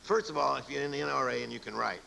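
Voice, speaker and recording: A man's voice: mid-range voice, very fast, gravelly. A man doing a mocking stand-up routine and talk show banter before a live audience. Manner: animated, mocking, puts on silly voices. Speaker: stand-up comedian and guest. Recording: live studio audience laughter and noise.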